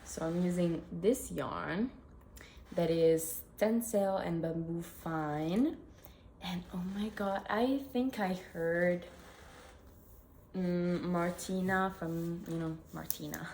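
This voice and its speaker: Hosting her knitting podcast, a young Italian-accented woman talks casually to camera in a lowish, slightly mellow voice at a slow pace. She giggles and self-corrects along the way; the room is echoey, with faint background noise.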